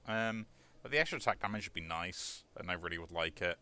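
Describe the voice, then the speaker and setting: A man's voice: low voice, fast, bright, forceful tone, clear, resonant tone. A man giving casual commentary while playing a video game, rambling with many fillers. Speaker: let's play host.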